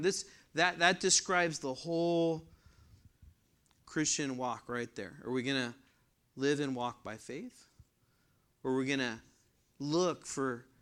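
Slow, clear-voiced male preacher. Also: mid-range voice. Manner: preaching verse by verse with asides, rising louder when reading scripture. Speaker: pastor. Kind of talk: sermon.

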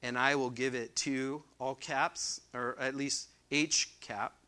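A man preaching a sermon as pastor. He reads scripture loudly and slowly, then explains it in quick, conversational asides and asks the congregation questions. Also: medium pitch, flat delivery. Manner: addresses the congregation directly with questions. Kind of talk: expository sermon.

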